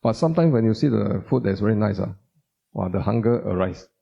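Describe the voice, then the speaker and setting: A man's voice: fairly low pitch, expressive, a little fast, vocal fry, warm tone, breathy edge. A man giving an informal teaching talk, repeating words for emphasis and putting questions to the audience. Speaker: doctor giving a Buddhist talk. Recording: dull lo-fi sound.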